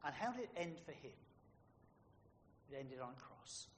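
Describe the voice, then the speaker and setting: High-voiced male preacher in a reverberant hall. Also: very animated, normal speed, slight background noise. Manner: emphatic, asks the audience rhetorical questions. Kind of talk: sermon.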